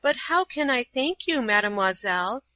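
A woman reading a storybook, voicing a poor, lonely old woman who speaks softly and humbly. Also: a little high, animated, normal speed, no room sound, highs cut off, voice pushed up, close to an everyday voice. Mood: sad, humble.

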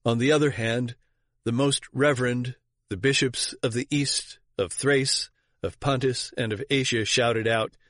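A man's voice: mid-range voice, steady tone, fairly bright tone, no echo. Man reading history in a dry voice. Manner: measured, formal reading voice. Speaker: audiobook reader. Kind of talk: scripted narration of church history.

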